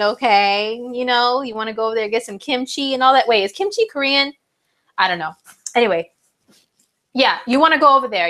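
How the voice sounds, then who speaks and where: A woman's voice: fairly high pitch, bright, forceful tone. Chatty woman reading horoscopes live. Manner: chatty, lots of fillers and asides to chat. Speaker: astrology livestream host. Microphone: phone.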